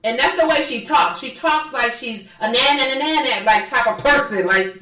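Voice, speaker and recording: A woman's voice: a little high, lively intonation, moderate pace, few pauses, sharp tone, far from the mic. A woman co-hosting a podcast, chatting casually and profanely about a reality show and mimicking the people in it. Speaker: podcast co-host. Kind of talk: casual chat recapping reality TV. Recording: echoey room, off mic.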